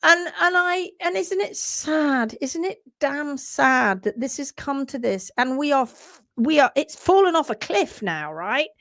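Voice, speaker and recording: A woman's voice: high voice, big pitch swings, a little slow, hardly any pauses, a bit bright, no room sound, studio quality. A woman co-hosting a podcast in casual live chat, passionate, often reading out viewer comments. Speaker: podcast co-host.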